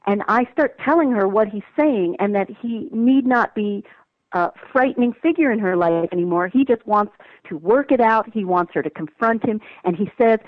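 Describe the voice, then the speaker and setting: A woman calls in to an interview, her voice thin and tinny down the phone line with no room echo. She tells her story with lively emphasis at a medium pitch. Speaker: guest author. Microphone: telephone.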